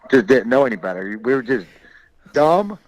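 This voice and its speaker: A man's voice: mid-range voice, big pitch swings, normal speed, a little mellow, low-quality recording. A middle-aged man, a wrestling coach and guest, reminiscing with enthusiasm and acting out quotes. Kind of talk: casual storytelling chat.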